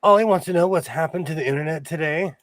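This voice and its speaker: A man hosting a casual sewing livestream from his home sewing room, easygoing and quick to laugh. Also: on the high side, no echo. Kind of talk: casual chat.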